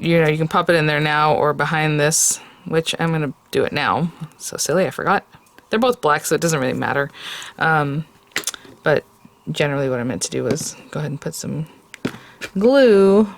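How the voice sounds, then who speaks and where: Low-voiced woman chatting through a craft tutorial. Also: slight background noise. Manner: chatty, rambling, many fillers and self-corrections. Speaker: card-making tutorial host.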